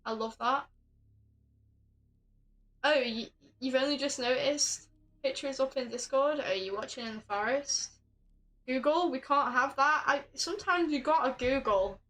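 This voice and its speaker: A woman's voice: high-pitched, a little slow, pauses often, poor audio. A young woman streaming a puzzle game, reading game text aloud and swearing in frustration. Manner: swears a lot, exasperated, bursts into loud laughing rants. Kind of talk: casual live game commentary.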